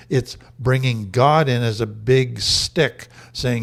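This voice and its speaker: A man's voice: mid-range voice, a little slow, vocal fry, hardly any pauses. A man giving an earnest, emphatic teaching talk on trauma recovery, repeating his key phrases for weight.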